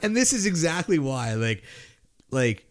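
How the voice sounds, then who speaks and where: A man's voice: a little high, sing-song, measured pace. A man from Montreal telling a story in casual podcast chat, swearing often and restarting his sentences with lots of "like". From Canada (Montreal). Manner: profane, rambling, with frequent restarts and "like" fillers. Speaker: podcast host.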